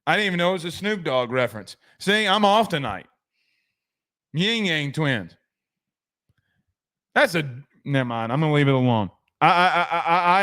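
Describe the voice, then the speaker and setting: A man's voice: on the high side, a bit bright. A man hosting a casual sports commentary show, rambling and joking. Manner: rambling, joking, trails off into asides.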